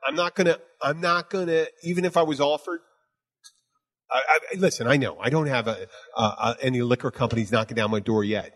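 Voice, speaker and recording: On his bartending podcast, this host chats casually but with blunt emphasis, swearing often and saying "you know what" again and again. His medium-pitched voice is a bit bright, and his pace is brisk.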